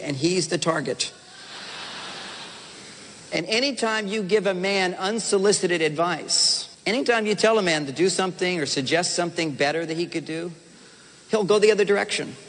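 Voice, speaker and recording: A man giving a seminar talk to a live audience, animated and playful, acting out the voices of husbands and wives. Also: high-pitched. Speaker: relationship speaker. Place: large hall with audience. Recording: reverberant hall sound.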